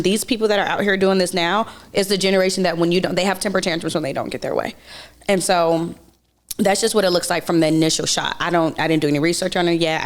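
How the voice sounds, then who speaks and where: A woman co-hosting a podcast in casual chat, teasing her co-host and then ranting her opinions at length. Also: fairly low pitch.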